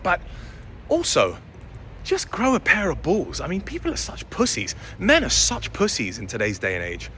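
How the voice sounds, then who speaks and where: Brief: blunt young male vlogger, lively swooping delivery, slightly high voice, faint street traffic behind. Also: moderate pace. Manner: blunt, opinionated, swears. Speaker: dating and life coach. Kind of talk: casual vlog monologue.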